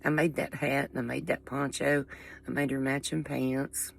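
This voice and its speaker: A woman's voice: a bass voice, little pitch movement, normal speed, gravelly, a little hiss or hum. A woman with a Southern Appalachian accent who chats casually to the camera, rambling and folksy and often breaking off her own sentences. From Appalachian coal country, US. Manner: rambling, folksy, interrupts herself. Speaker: vlogger.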